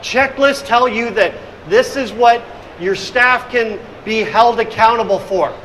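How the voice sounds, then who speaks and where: Speaking at a measured pace in a very high-pitched, fairly bright voice, a middle-aged man presents on hospitality leadership in a conference room. He is a hospitality consultant and speaker who tells energetic stories and acts out scenes. The audio is poor, with a little hiss or hum.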